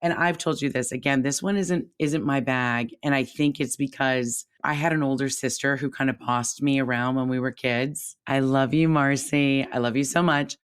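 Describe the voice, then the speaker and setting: A woman co-hosting a podcast, talking in a reflective, animated way that jumps up when she stresses a point. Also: normal speed, hardly any pauses, clear, resonant tone. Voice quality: calls her own voice squeaky. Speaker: podcast co-host. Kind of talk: casual chat.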